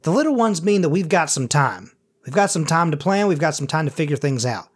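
A man voicing a gruff, blunt older Southern male scientist with a put-on Southern accent, lecturing impatiently in a tabletop game. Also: on the high side, big pitch swings, a little fast. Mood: urgent. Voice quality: gruff, tough. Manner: lecturing, impatient, swears mildly.

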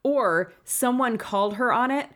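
A woman's voice: fairly high pitch, measured pace, a bit bright. A woman co-hosting a casual podcast, chatty and conversational, often thinking aloud. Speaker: podcast co-host. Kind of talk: casual chat.

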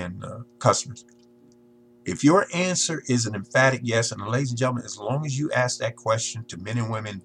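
A man's voice: mid-range voice, fairly bright tone, slight background noise. A man hosting a marketing podcast, speaking to his listeners in an emphatic, salesman-like monologue. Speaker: podcast host.

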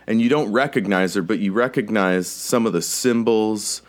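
A man's voice: lowish voice, moderate pace. A man narrating a tabletop game as game master, casual and rambling with many fillers.

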